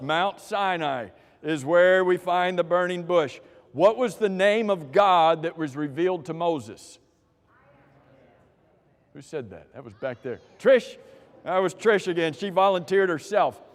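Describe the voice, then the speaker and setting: Man, high voice, bible class teacher, quiz review, joking, long reverb in a church room. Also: a little slow. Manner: lively, joking teacher calling on people by name.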